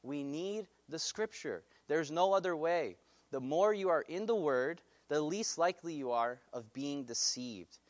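A male pastor preaching a sermon, animated and putting questions to his congregation. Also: a little high, a little slow.

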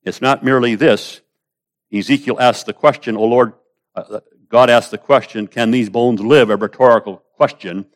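A man preaching an expository sermon, rising to loud pleading when voicing prayers and dropping low and quiet, addressing listeners as beloved. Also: fairly even intonation, moderate pace.

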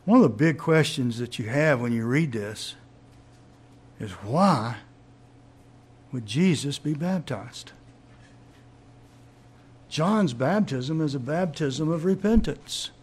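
A man's voice: mid-range voice, lively intonation, slow, pauses often, darkish tone, husky. A man preaching a sermon, teaching in an emphatic way and asking rhetorical questions.

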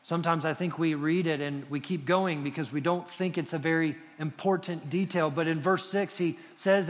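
A male pastor preaches a sermon, voice set a little high and swinging between loud emphasis and quiet, hushed moments. His words ring out across a church hall with long reverb. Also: moderate pace.

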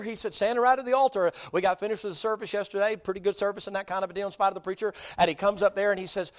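A man's voice: high-pitched, fairly even intonation, rapid-fire, few pauses. A man with a Southern US accent preaching a sermon in a folksy, joking way full of homespun sayings. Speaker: pastor.

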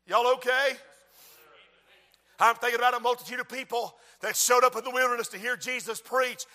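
A man preaches, his voice high and strikingly bright. He drops to near whispers while telling a story, then bursts into shouted refrains. The sound carries a long reverb from a big room. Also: steady tone, fairly quick. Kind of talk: sermon.

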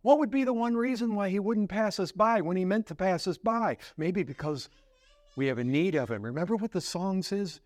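A man preaching a sermon as pastor, emphatic and swinging between loud urgent questions and hushed, slow passages. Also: high-pitched, animated, no room sound.

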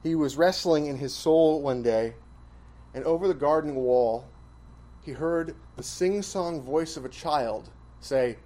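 A man delivering a sermon, his voice mellow and warm in tone. He punches key phrases with sudden bursts of volume, then drops back to an even teaching voice. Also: a little high, unhurried. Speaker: preacher.

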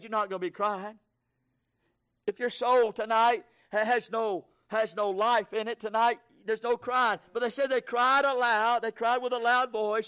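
A man preaching a sermon, rising from low, quick passages to shouted, fervent proclaiming. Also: smooth.

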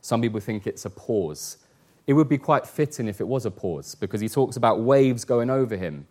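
A man's voice: mid-range voice, animated, darkish tone. Earnest man preaching a sermon. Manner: earnest, reads scripture aloud with slow weighty emphasis.

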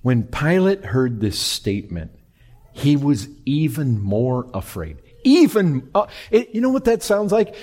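Animated husky male preacher. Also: unhurried. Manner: animated preaching, pitch swings between loud high and quiet low. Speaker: pastor. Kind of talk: sermon.

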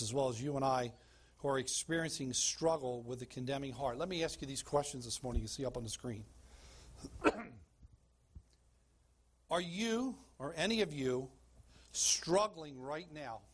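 A man's voice: mid-range voice, slightly rough. A man preaching a sermon as pastor of a church, emphatic, asking the congregation questions and calling for slides.

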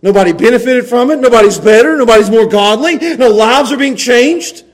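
A man's voice: extremely high pitch, expressive, a little fast. A man preaching a conversational sermon to his church, repeating words and restarting phrases for emphasis. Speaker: pastor.

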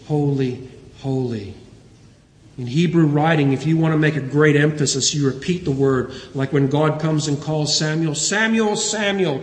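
Preacher, male, earnest and emphatic, somewhat high voice, roomy sanctuary sound. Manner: earnest preaching, quotes scripture, rises in emphasis. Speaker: pastor. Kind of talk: sermon. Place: church sanctuary. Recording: roomy church hall reverb.

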